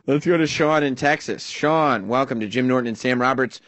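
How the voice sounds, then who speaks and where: A man's voice: medium pitch, a little fast, fairly bright tone, dry recording. A man hosting a talk radio show, chatting casually and teasing with frequent laughter. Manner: joking, teasing, laughs often.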